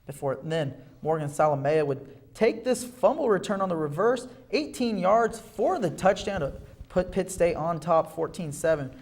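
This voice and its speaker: A young man calls college football highlights on a sports show, his voice sitting a bit high. He talks with energy and trips over words, fixing them as he goes. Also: moderate pace. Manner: energetic, with fillers and self-corrections. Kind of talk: highlight play-by-play commentary.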